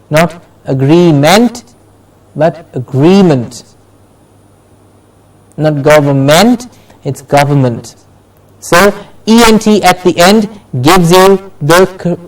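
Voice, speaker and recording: A man gives a classroom lesson on English pronunciation, and his voice sits a touch high for a man. He drills example words slowly and deliberately, one by one. He sounds set back from the microphone. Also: distant mic, rough recording. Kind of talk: classroom lesson on word stress.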